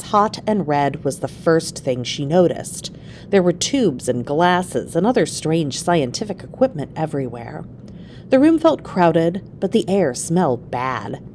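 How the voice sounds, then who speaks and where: A woman reads an adapted classic story aloud in a clear, expressive way. Her voice is low and moves widely in pitch. A faint rumble sits behind her. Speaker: narrator.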